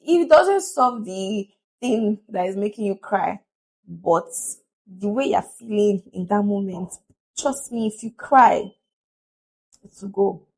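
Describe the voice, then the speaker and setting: A woman's voice: mid-range voice, expressive, slow, darkish tone. A woman giving a chatty, earnest motivational talk to camera, laughing often. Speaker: vlogger.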